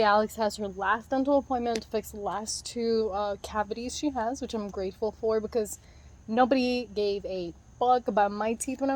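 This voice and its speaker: A woman talks into her phone camera out in her backyard in a loose, rambling vlog style. Nearly every phrase is padded with "like" and "um" as she drifts from one thought to the next. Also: mid-range voice. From outside the US, moved there as a child. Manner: rambling, filler-heavy, says "like" constantly. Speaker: vlogger. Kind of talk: casual vlog chat. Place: outdoors in a backyard.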